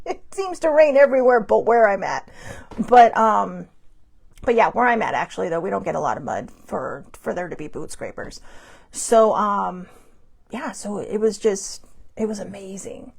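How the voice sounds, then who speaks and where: A woman's voice: mid-range voice, gravelly, a little mellow. A woman hosting a live stream, talking in a rambling, chatty way, blunt and upbeat, laughing often. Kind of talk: casual chatty monologue. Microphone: phone or webcam on a live stream.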